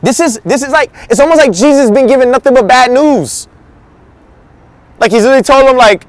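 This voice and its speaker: A man's voice: extremely high pitch, fairly quick, no echo. A male teaching pastor giving a casual, slangy sermon, acting out the quotes he tells. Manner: slangy, conversational, acts out quotes.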